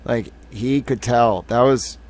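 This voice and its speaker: A man's voice: mid-range voice, slow pace, a little mellow. A man in his thirties hosting a live stream, ranting in a heated, profane way. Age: 30s. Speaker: livestream host.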